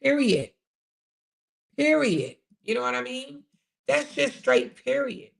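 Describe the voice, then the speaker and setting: Woman, commentary host, casual, sassy, chatty, gravelly voice. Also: high-pitched, flat delivery, a bit bright. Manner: sassy and chatty, often laughing and pausing to find clips.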